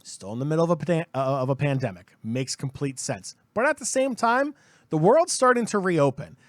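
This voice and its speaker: Male podcast co-host, high-ish voice that swings wildly in pitch, heated and emphatic, dry close mic. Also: lively intonation, a little fast, no echo. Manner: heated, emphatic, repeats himself. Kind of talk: opinionated podcast rant.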